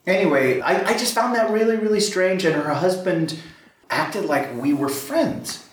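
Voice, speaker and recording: A man in casual chat who tells stories in an animated way, stammering and restarting his sentences often. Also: sits high, normal speed. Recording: echoey room, faint background noise.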